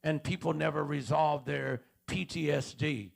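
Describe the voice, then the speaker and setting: A man preaches a sermon in a church auditorium, asking the congregation questions again and again. His voice is rough and gravelly with a husky edge. He speaks a little higher than most men. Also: unhurried. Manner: call-and-response preaching, repeats questions to the congregation. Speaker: pastor.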